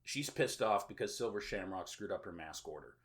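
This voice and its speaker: A man's voice: on the low side, expressive, fairly quick. A man hosting a podcast, recapping a film plot in casual, sarcastic chat full of filler sounds. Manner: rambling, with many filler sounds and sarcastic asides. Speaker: podcast host.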